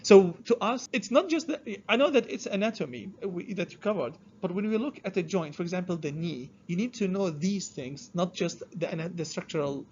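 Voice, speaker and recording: A man giving a classroom lecture. He talks in a halting way, restarts his sentences and keeps checking whether the class follows. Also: high voice, a little mellow, highs cut off, a little hiss or hum.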